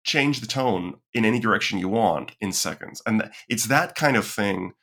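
Male podcast guest, low-ish voice, animated chatter with acted-out quotes. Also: normal speed, slight background noise. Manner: frequent restarts and fillers while thinking aloud. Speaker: podcast guest, content strategist. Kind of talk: casual conversational interview.

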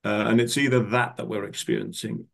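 A man's voice: lowish voice, big pitch swings, fairly quick, creaky. An older man hosting a podcast, asking long, rambling questions and searching for his words. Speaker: podcast host, coach. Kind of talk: conversational interview questions.

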